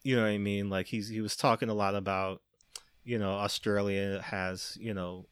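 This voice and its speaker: A man hosting a podcast, talking casually and getting animated as he argues a point, often breaking into laughter. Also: normal speed, clear, resonant tone, dry recording. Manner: animated, laughing, rising pitch when worked up. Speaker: podcast host.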